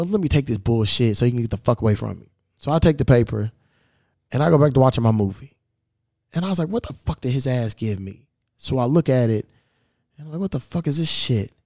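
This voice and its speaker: A man's voice: medium pitch, mellow, no room sound, clean studio sound. A man hosting a podcast, telling a rambling, profane story in casual chat and getting heated when he retells his side. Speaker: podcast host.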